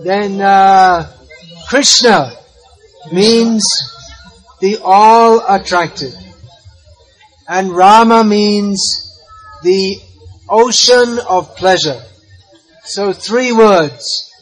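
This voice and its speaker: Brief: male devotional teacher, high pitch, unhurried, inviting call-and-response delivery. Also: poor audio. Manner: patient, inviting, repeats words for a crowd. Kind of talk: street talk on spiritual philosophy, leading a chant.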